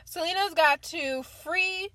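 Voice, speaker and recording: In a dry recording, a female book reviewer chats casually with vlog viewers in a very high, slow, sharp voice. She gushes, says "like" constantly, and calls her audience "you guys" and "y'all."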